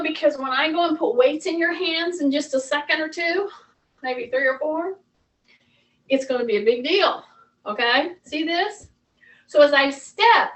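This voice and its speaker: A woman's voice: high-pitched, pushed and bright, far from the mic, rough recording. A woman fitness instructor talking viewers through a workout, chatty and coaching, repeating her cues.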